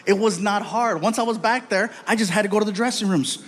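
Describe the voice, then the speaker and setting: Animated, high-voiced stand-up comedian. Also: male voice, fast talker. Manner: animated, loud, acts out every scene. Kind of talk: stand-up storytelling.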